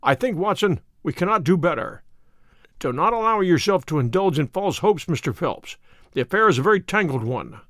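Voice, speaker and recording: A man voicing Sherlock Holmes, a musing, brisk male detective, in a dry read story. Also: high-pitched, lively intonation, fairly bright tone, no echo.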